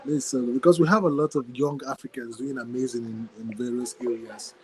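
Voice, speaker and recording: A man's voice: medium pitch, steady tone, poor audio. A man hosting a podcast in casual chat, effusive and full of thanks, reading out and praising listener ideas. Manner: effusive, thanks people often, quick to laugh. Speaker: podcast host.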